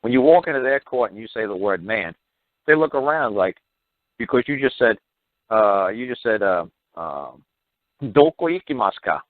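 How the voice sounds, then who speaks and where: A man's voice: on the low side, animated, moderate pace, no echo. A man hosting a call-in show, talking bluntly and repetitively with exasperation and some swearing, heard over a narrow phone-like line. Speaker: radio show host.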